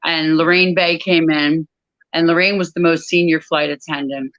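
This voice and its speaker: A woman guest in an interview, telling a personal story in a measured, reflective way with frequent pauses. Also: low-pitched, fairly even intonation, fairly bright tone, dry recording, highs cut off. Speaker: author and guest.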